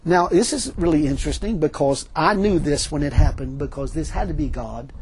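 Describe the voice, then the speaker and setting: A man's voice: a little high, a little fast, darkish tone, breathy edge. A middle-aged man preaching a sermon, telling folksy stories with emphatic lines and frequent laughter. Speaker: pastor.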